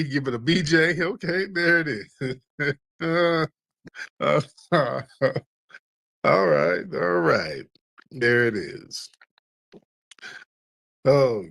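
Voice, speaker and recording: A man's voice: fairly high pitch, lively intonation, takes it slowly, creaky, long pauses, fairly bright tone, dry recording, clean studio sound. Laughing, teasing man hosting a call-in. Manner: laughs often, slangy and teasing. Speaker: talk show host. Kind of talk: casual call-in show.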